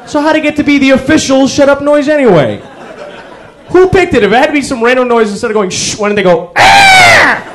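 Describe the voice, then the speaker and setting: A young man performing a stand-up comedy set, telling wry stories with sudden yells. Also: very high-pitched, sing-song, quick pace. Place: comedy club stage before a live audience. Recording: crowd laughter behind. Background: audience laughter.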